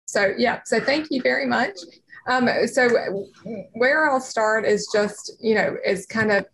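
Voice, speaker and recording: Guest: woman with a foreign accent, earnest, explanatory, gravelly edge. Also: a little high, unhurried, a bit bright, a little hiss or hum. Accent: non-native English. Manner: earnest, explanatory, many fillers. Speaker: guest, radiologist and company founder. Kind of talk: interview answers.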